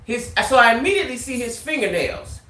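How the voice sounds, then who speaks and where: A woman tells a story to her viewers in an animated, casual way, often checking in with a quick "right?". Her voice is bright and forward, and the room around her echoes. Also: fairly high pitch. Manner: animated, tags lines with "right?". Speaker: vlogger.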